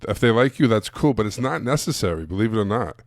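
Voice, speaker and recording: In a live stream for sales coaches, a man delivers a blunt, casual coaching talk full of emphatic asides. His voice is on the low side, animated and fast, recorded clean in a studio with no echo.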